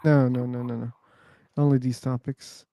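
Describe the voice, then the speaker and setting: A man's voice: medium pitch, level tone, normal speed, mellow, no echo. A man hosting an online voice-chat room, rambling casually, laughing and swearing as he tells stories.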